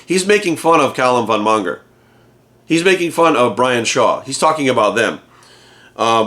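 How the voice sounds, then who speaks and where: A man's voice: mid-range voice, animated, fairly quick, fairly bright tone. A man, a fitness coach hosting his channel, delivers a heated, profane rant full of rhetorical questions. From United States. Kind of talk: angry rant to camera.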